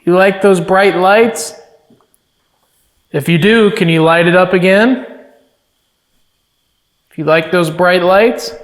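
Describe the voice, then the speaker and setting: A man's voice: sits high, takes it slowly, long pauses. A male paranormal investigator indoors at night, repeatedly urging an unseen spirit to act. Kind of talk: ghost-hunting vlog.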